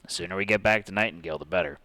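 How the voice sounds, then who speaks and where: A man's voice: low voice, racing, pushed and bright, no echo, pitched below the performer's own voice. A man voicing a sarcastic male adventurer who mutters his lines.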